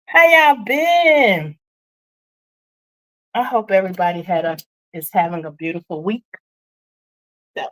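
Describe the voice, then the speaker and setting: Woman live-stream host, slightly out of breath, bouncy pitch, unhurried chatty delivery. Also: poor audio. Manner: chatty, reads and answers viewer comments. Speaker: livestream host chatting with viewers. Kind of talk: casual live chat.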